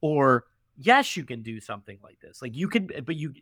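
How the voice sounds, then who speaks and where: Animated, emphatic young man, dry close sound. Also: medium pitch, moderate pace, hardly any pauses, dry recording. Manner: animated, emphatic, many fillers and tag questions. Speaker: podcast guest, venture investor. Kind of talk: casual interview storytelling.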